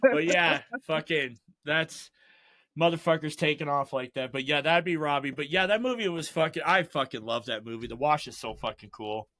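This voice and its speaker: Male podcast host, high bright voice, casual profane storyteller. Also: moderate pace. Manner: profane storytelling, acting out friends' lines; laughs often while telling stories. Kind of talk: casual chat.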